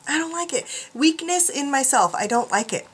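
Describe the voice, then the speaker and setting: A woman's voice: high-pitched, lively intonation, moderate pace. A woman vlogging from a room at home, chatting casually to camera in a self-mocking way, laughing often.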